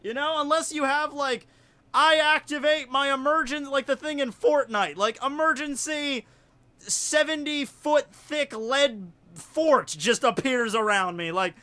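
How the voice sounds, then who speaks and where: A man with a Southern US accent, telling a story in casual livestream chat, rambling and animated with lots of fillers. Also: very high voice, a little slow. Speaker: YouTuber hosting a livestream.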